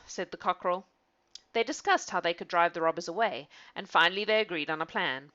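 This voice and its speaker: A woman reading a fairy tale aloud in an animated way, with laughing asides to her listener. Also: on the low side, fairly quick, muffled recording. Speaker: storyteller. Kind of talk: storybook reading.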